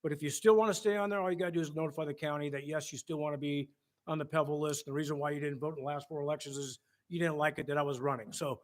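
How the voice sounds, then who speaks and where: Quick-talking guy walking through how the process works, plain and matter-of-fact. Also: on the high side, steady tone. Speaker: state senator guest. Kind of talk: political interview.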